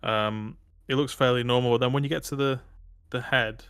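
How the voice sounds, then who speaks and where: A young man running a tabletop game as game master, calmly describing scenes and explaining rules. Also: medium pitch, normal speed, clean tone.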